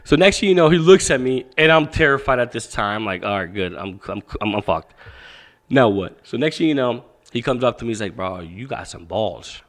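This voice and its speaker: A man's voice: mid-range voice, brisk. A man in his thirties from Pakistan, a boxing coach talking as a podcast guest, telling a story casually with frequent swearing and acted-out quotes. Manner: animated storyteller, swears freely, acts out quotes.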